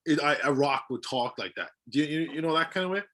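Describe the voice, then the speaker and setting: Talking fast and animated in a slightly high, fairly bright voice, a young voice actor guest chats casually on a podcast. He's eager to explain his work through examples, with lots of fillers and false starts.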